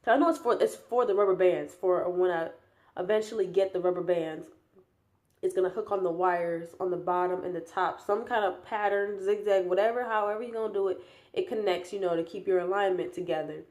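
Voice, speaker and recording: A woman's voice: fairly low pitch, fairly even intonation, a little fast, a little mellow. A young woman talking casually in a rambling vlog update, tired and yawning, with a slight lisp from new braces. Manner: chatty, rambling, with many fillers and restarts. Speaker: vlogger.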